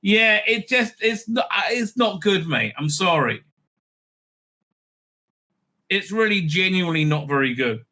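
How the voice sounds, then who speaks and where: A man's voice: high-pitched, expressive, measured pace, pauses often, bright, forceful tone. A man hosting a channel, giving sarcastic, profane commentary over clips and dropping into exaggerated mocking voices.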